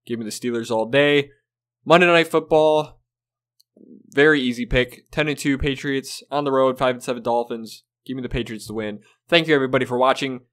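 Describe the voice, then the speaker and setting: A sports video host runs through football game predictions, swearing, blunt and fed up in a casual manner. He speaks a little fast in a mid-range, fairly bright voice.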